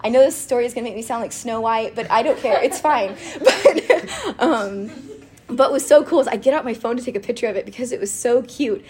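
A woman chatting casually about faith and telling a personal story, animated and quick to laugh, with lots of "like". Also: on the high side, crowd noise. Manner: animated and giggly, with frequent laughter and filler "like".

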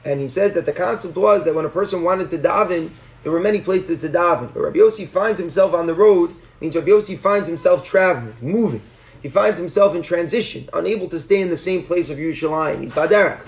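Male Talmud teacher, high voice with a gravelly edge, earnest explainer. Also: fast talker. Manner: earnest, explanatory, frequent restarts. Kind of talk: Talmud class lecture.

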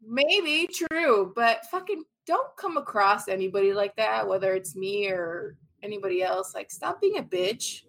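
A woman's voice: medium pitch, expressive, measured pace, few pauses, fairly bright tone, a little hiss or hum. A woman co-hosting a podcast, telling a story in a brash, profane way during a casual chat. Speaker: podcast co-host.

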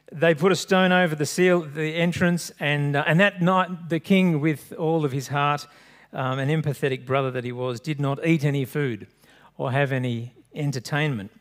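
Expressive, slightly high-voiced preacher. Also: male voice. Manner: expressive reading with big swings in pitch and volume. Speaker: pastor. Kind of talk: sermon with scripture reading.

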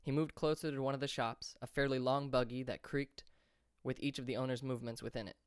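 Man with a smooth, dry narrating voice. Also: mid-range voice, little pitch movement, a little fast, no echo. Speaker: audiobook narrator. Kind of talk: scripted fantasy narration.

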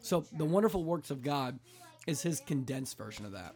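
A man's voice: on the high side, moderate pace. A man in his thirties chats easily as a podcast host. He talks in a loose, rambling way, packing his sentences with "like" and "so". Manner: relaxed, talkative, lots of "like" fillers. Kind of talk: casual chat.

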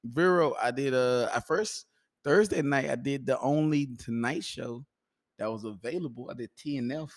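A man's voice: mid-range voice, normal speed. A man co-hosting a comedy podcast, talking loosely and profanely in casual banter, laughing often. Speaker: podcast co-host, stand-up comedian.

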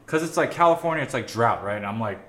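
A man's voice: medium pitch, fast, roomy sound. A young man hosting a podcast, chatting casually and ranting with lots of swearing while cooking at home. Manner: profane, ranting, animated complaints. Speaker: podcast host. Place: home kitchen.

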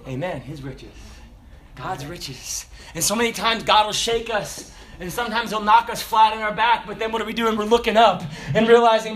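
A middle-aged male pastor with a high voice preaches an animated sermon. He asks the congregation questions and waits for their answers. He rises to loud exclamations, then drops to quiet asides. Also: moderate pace. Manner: animated call-and-response preaching, swinging between loud bursts and quiet asides.

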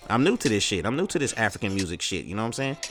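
A man holds forth alone on his podcast, his voice sitting a little low. He rambles in a laid-back, profane way, full of street slang. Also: very animated, racing, a bit bright, soft background music. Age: 30s. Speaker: podcast host. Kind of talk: casual solo podcast talk.

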